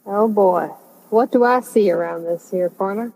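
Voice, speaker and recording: Woman, tabletop player, breezy, self-assured, mid pitch. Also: moderate pace, a little mellow, low-quality recording. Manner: breezy, confident. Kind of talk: casual tabletop game chat.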